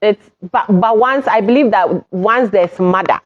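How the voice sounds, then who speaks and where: A woman co-hosting an advice show, answering the host in slow, measured phrases. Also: medium pitch. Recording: dull lo-fi recording.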